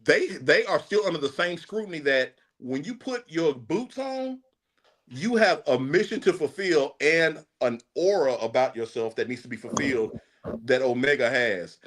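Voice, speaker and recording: A man speaks in a slangy, emphatic way in a casual chat among friends. His voice sits a little high for a man and rises and falls a lot. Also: expressive, normal speed, fairly bright tone. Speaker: fraternity brother in a panel talk.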